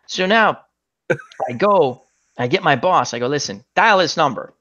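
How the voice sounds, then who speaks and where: A man's voice: fairly high pitch, animated, moderate pace, sharp tone, highs cut off. A middle-aged man hosting a casual chat show, telling joking stories and acting out the people in them. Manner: joking storyteller, acts out voices in anecdotes. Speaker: host.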